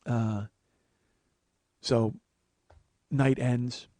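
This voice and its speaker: A man's voice: medium pitch, level tone, drawn-out words, dark tone, no room sound. Profane storytelling man, dry sound. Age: 40s. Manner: profane, rambling, bursts into rants. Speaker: comedy podcast host. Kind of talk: storytelling monologue.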